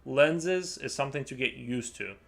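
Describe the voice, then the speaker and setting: A man's voice: mid-range voice, normal speed, vocal fry, a bit bright. Rambling, hesitant male streamer. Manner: rambling, hesitant, many fillers and restarts. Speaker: live-streaming artist. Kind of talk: casual chat while painting on stream.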